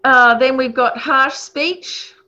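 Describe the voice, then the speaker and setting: Woman, fairly high voice, casual teaching talk, unhurried and thoughtful, muffled lo-fi recording. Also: steady tone, sharp tone. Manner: thoughtful, with fillers and chuckles. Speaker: speaker on ethics.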